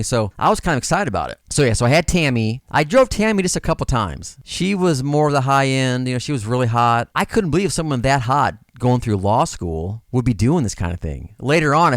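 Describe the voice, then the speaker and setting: Animated man telling stories. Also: mid-range voice, no echo. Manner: animated, acts out dialogue. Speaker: storyteller guest. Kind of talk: casual storytelling.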